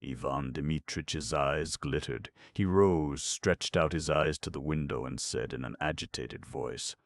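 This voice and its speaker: Brief: male audiobook narrator, extremely low voice with fry, dry close sound. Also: unhurried, dry recording. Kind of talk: scripted narration.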